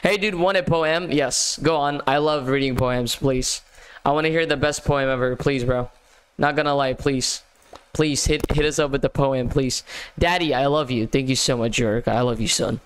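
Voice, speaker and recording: A man's voice: mid-range voice, moderate pace, smooth. A man hosting a live gaming stream, chatting casually in slang and greeting viewers by name. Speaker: livestream host. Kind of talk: casual gaming livestream chat.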